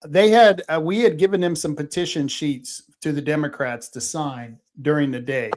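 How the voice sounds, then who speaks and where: A man's voice: a little high, normal speed, a little mellow. A man hosting a talk show who tells his stories bluntly and with animation. He talks casually and with conviction. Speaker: host, independent journalist. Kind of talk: casual storytelling chat.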